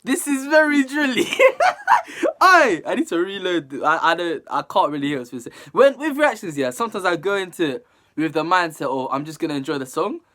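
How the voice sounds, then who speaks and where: A young man with talks through a music video as he reacts to it. His pitch leaps around, and he picks apart each line in a chatty, animated way, sometimes breaking into loud laughter. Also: quick pace. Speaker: music reaction channel host. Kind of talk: casual reaction commentary.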